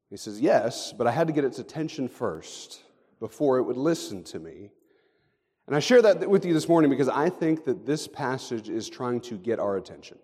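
A man preaching a sermon as a pastor, telling stories and letting his sentences trail off quietly. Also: medium pitch, long reverb tail. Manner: storytelling, dropping to quiet endings.

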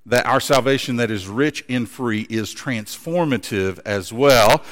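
A pastor preaching a sermon, earnest and story-driven. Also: male voice, medium pitch, unhurried, fairly bright tone. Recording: long hall reverb.

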